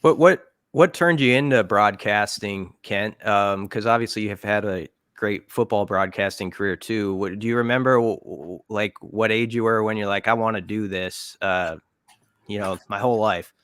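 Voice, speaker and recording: A man's voice: fairly low pitch, normal speed, a bit bright, smooth, dry recording, clean studio sound. A man co-hosting a sports podcast, asking questions in an eager, fan-like way with fillers. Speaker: podcast co-host. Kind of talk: casual podcast interview.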